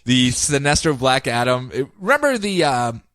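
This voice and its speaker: A man co-hosting a podcast, recapping comic books in a casual, animated way and laughing often. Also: medium pitch, no room sound, studio quality. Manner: animated, laughing, puts on quick voices for characters. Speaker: podcast co-host.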